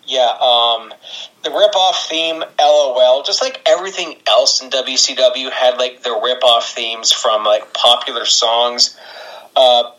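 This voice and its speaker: Man, bright forceful voice, rambling sarcastic podcast chat. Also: medium pitch, a little slow, rough recording. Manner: rambling, sarcastic, swears and laughs often. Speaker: podcast co-host. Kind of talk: casual wrestling podcast chat.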